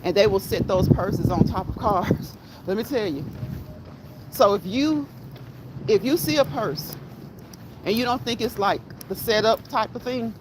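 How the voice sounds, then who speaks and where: A woman's voice: mid-range voice, unhurried, pauses often. A woman chatting casually with viewers on a live-streamed walk outdoors. She talks in a folksy way into her phone mic. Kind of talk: casual chat while walking outdoors, reading chat aloud. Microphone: phone microphone. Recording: phone mic with loud wind noise. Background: strong wind blowing into the mic.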